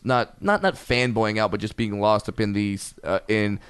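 A man's voice: fairly low pitch, fairly even intonation, moderate pace, clear, resonant tone, no echo. A man co-hosting a podcast, chiming in with short agreements and follow-up questions in casual chat. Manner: supportive, chimes in with short agreements. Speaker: podcast co-host. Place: podcast studio.

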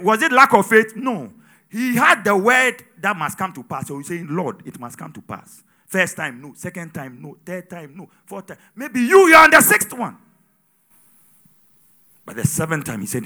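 A man preaching a sermon with call-and-response, swinging between loud exhortation and quiet asides. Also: a little high. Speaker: pastor.

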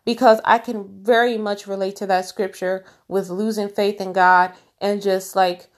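A woman's voice: mid-range voice, little pitch movement, measured pace. Woman giving casual Bible commentary. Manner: conversational, many fillers and restarts, gets emphatic. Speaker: Bible teacher. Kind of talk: informal Bible study commentary.

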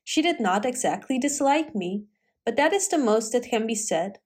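A woman's voice: a little high, lively intonation, normal speed, breathy edge. A woman reading an earnest young prince.

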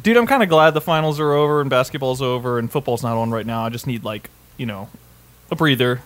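A man's voice: medium pitch, fast. Male co-host, casual storyteller, rambles with frequent restarts and cursing. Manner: rambling, swears often, many restarts. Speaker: podcast co-host.

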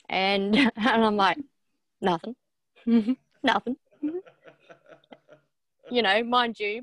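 A woman's voice: mid-range voice, no echo. A woman guest on a podcast telling frank personal stories in casual chat, saying her throat is a bit sore. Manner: frank, animated storyteller.

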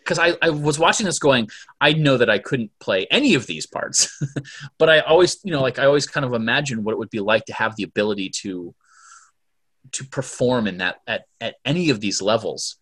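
Male podcast host, relaxed chat, stumbling and animated delivery. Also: mid-range voice, breathy edge. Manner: animated, halting, laughs often. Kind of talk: casual chat.

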